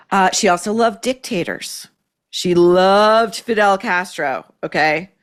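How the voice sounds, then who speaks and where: Female commentary host, lower voice, blunt and sarcastic, swears freely. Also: a bit bright. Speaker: podcast host. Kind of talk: opinionated commentary.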